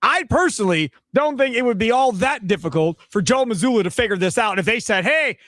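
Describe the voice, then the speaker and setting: Male sports radio host, high-pitched and very animated, dry close studio mic. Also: brisk, dry recording. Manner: animated, opinionated, mimics people for effect.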